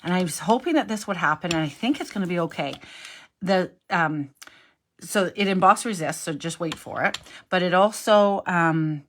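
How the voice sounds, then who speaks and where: A woman's voice: lowish voice, normal speed, slight background noise. A middle-aged woman giving a casual cardmaking lesson at her craft table, chatty and thinking aloud as she works, often correcting herself. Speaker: cardmaking instructor.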